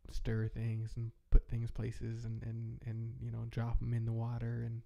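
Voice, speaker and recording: Gravelly, dark-voiced man musing. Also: medium pitch, completely flat delivery, a little slow, lo-fi sound. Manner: rambling and heartfelt, heavy on "like". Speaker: podcast host. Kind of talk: casual reflective chat.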